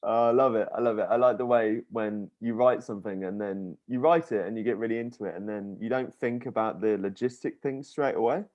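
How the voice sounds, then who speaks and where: A man's voice: lowish voice, steady tone, fairly quick, few pauses, highs cut off. Rambling young English man, laughing often. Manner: rambling, with many likes and laughs. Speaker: podcast host. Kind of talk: casual chat.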